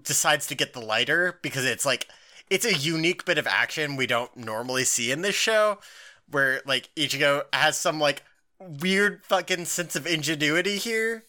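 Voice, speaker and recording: Lively, bright-voiced young podcast co-host. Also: mid-range voice. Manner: rambling, full of "like" and swearing, animated. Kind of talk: casual chat.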